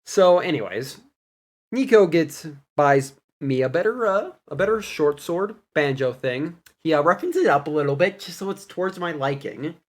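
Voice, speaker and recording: A young man casually retelling a tabletop game session, animated and laughing as he goes. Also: a little high. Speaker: player recapping a campaign. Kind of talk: casual storytelling recap.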